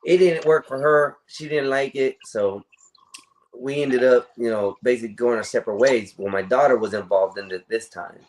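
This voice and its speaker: A man's voice: mid-range voice, moderate pace, darkish tone, slight background noise. A man in casual chat, telling a long rambling personal story, filling gaps with throwaway "da, da, da" and calling the listener "bro". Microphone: streaming call audio.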